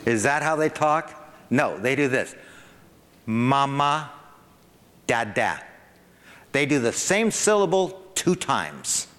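Animated preacher in a reverberant hall. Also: male voice, measured pace. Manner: animated, acts out parents and toddlers with rising pitch. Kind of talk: sermon.

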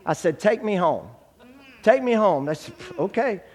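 A man giving a testimony sermon, acting out the dialogue in his story and swinging from hushed to shouting. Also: high-pitched, animated, moderate pace, long reverb tail. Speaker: guest preacher giving testimony.

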